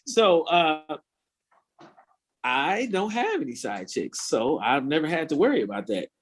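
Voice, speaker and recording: A man's voice: a little high, sing-song, measured pace. A man co-hosting a podcast in casual chat, with dry, mock-formal humor. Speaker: podcast co-host.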